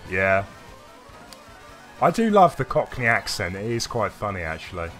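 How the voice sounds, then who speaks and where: A British man with a fairly low voice rambles through live gameplay commentary and answers viewers by name. He sounds unwell and coughs between remarks, with faint game music playing underneath. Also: very animated, normal speed, a bit bright. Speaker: game streamer.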